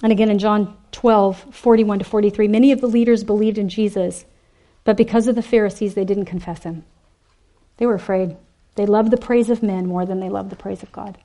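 A woman giving an animated, emphatic sermon to a women's gathering, acting out the quoted voices. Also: mid-range voice, a little fast. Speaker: speaker at a women's ministry event.

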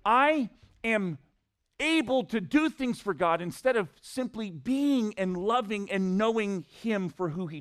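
A middle-aged man preaching a sermon, telling a personal story and acting out the voices in it. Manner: animated storyteller, acts out voices with big pitch swings. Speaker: pastor.

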